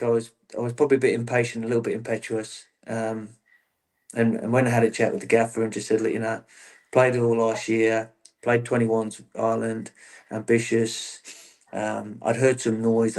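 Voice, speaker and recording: A former footballer in an interview, telling long stories in a rambling, self-interrupting way. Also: male voice, mid-range voice, level tone, normal speed, a little mellow. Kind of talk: casual interview chat.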